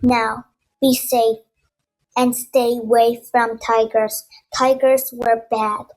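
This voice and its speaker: A woman's voice: fairly high pitch, little pitch movement, slow pace, a little mellow, low-quality recording. A woman voicing an old grandmother. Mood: earnest. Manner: broken English, earnest warnings. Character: elderly grandmother, mystical, protective, intense.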